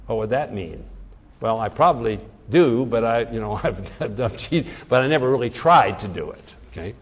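A man's voice: mid-range voice, lively intonation, moderate pace, husky. A man giving a classroom lecture, illustrating his points by acting out example phrases with changing emphasis. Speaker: teacher. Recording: long hall reverb.

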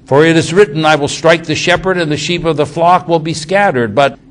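A man preaching a sermon, reading scripture aloud and acting out the quotes with sudden swings in loudness and pace. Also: a little high, brisk, slight background noise. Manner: dramatic quoting of scripture, shifting loudness and pace.

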